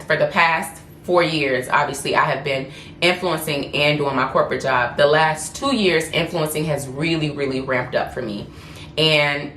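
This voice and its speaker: A woman's voice: low voice, sharp tone, a little hiss or hum. A woman, telling a candid and emotional personal story in a vlog and often restarting her sentences. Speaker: lifestyle blogger and influencer. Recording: echoey room with faint ambience.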